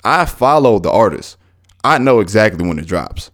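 A young man hosting a podcast, telling stories casually in an animated, profane, slangy way. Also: lowish voice, moderate pace. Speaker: podcast host. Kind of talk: casual storytelling monologue.

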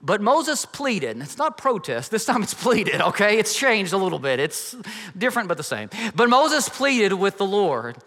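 Preacher, man in his 30s, bright tenor delivery, reverberant sanctuary. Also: high voice, sing-song, moderate pace. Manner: emphatic preaching, acts out quoted voices. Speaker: pastor. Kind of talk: sermon. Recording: reverberant hall.

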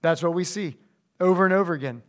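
A young man, a youth pastor, giving an energetic, joking sermon to teenagers and acting out quotes with big jumps in his voice. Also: high voice, quick pace.

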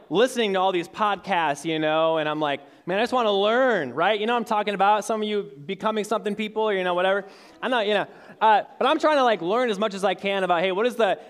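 Chatty young man with a high, smooth voice. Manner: chatty storytelling with many fillers and restarts. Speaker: youth speaker. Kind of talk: casual sermon to young adults. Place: church hall with audience.

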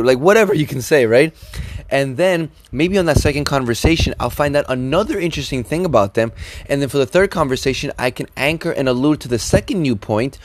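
Chatty man giving advice, animated. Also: medium pitch, fairly quick, a little hiss or hum. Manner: animated, rambling with restarts. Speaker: podcast co-host. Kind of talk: casual advice chat.

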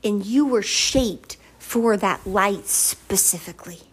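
A woman hosting a faith-based podcast, speaking with earnest emotion and chatty warmth, building her points through emphatic repetition. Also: mid-range voice, slightly rough. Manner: casual and chatty, with fillers and quick laughs. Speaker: podcast host. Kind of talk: faith-based motivational monologue.

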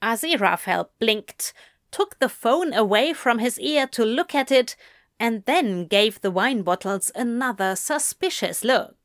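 A woman reading a story aloud at a slow, unhurried pace. Her voice is a bit high and rises and falls a lot. The recording is close and dry, with no room sound. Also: lively intonation, no echo. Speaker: reader.

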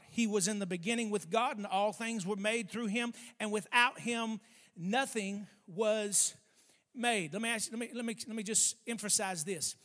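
High-voiced man preaching in a reverberant hall. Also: a bit bright. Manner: emphatic, calls for congregation responses, stretches key words slowly. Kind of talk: sermon.

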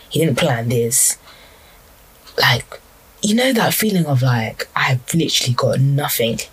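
A young man talks through his thoughts in a loose, reflective monologue. His voice has a breathy, husky edge, and he stumbles, restarts and circles back as he goes. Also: mid-range voice, rough recording. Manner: hesitant, rambling, many restarts and fillers. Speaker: speaker reflecting on personal prayers.

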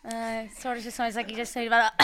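Quick, teasing woman. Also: a little high, little pitch movement, fairly bright tone. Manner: teasing, dry humour. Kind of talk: casual chat.

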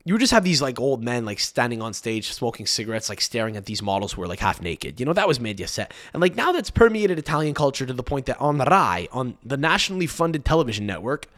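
A man's voice: medium pitch, big pitch swings, fast talker, few pauses, fairly bright tone. A young man hosting a podcast, ranting in a frantic, rambling and profane way. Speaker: podcast host. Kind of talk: solo podcast rant.

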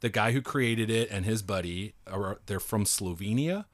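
Lively storytelling man with a dry, close sound. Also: fairly low pitch, moderate pace, no echo. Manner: animated storyteller, acts out quotes in a raised voice. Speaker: comedian and voice director. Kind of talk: casual chat.

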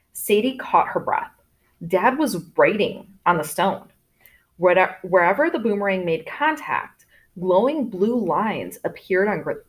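A woman narrating a story with animated, swooping intonation that rises and falls through every sentence. Her voice sits at an ordinary middle pitch, and her delivery is expressive, as if she is voicing characters in turn. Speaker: audiobook narrator.

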